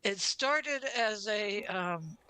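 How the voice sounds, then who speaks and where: A woman's voice: mid-range voice, expressive, drawn-out words, bright, forceful tone, clear, resonant tone, dry recording. A woman co-hosting a casual talk show, speaking in an easygoing, hesitant way. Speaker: podcast co-host. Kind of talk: casual chat.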